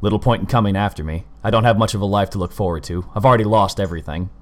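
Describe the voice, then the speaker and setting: Casting: reader as a bitter cornered soldier, deep voice, growls then yells. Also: male voice, racing, lightly acted. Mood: growling. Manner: growling, erupts into shouts. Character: bitter, cornered man, a soldier, prone to shouting.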